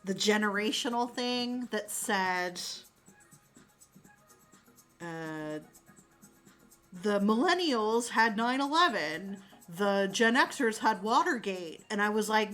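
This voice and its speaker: A woman in her forties chatting casually on a livestream, reading comments aloud with animated, sarcastic asides. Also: mid-range voice, slow, soft background music. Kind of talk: casual chat.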